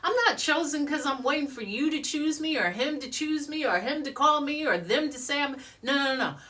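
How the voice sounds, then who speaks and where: Lively, bright-voiced woman chanting affirmations. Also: high voice, moderate pace, distant mic. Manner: emphatic, repeats affirmations in rhythmic chants. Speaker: motivational speaker. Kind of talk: motivational talk with spoken affirmations. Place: studio.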